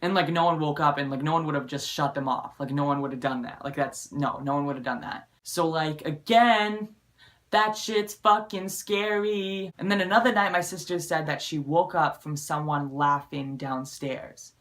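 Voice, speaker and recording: A man's voice: fairly high pitch, steady tone, normal speed, a bit bright. A young man vlogging, telling a story in a rambling, emphatic way, filling nearly every phrase with "like" and swearing for emphasis. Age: young adult. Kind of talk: casual storytelling to camera.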